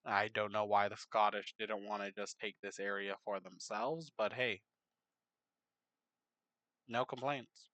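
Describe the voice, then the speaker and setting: A man narrating a map game in casual commentary, unhurried, muttering asides to himself. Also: lowish voice, fairly even intonation, fairly bright tone, no echo.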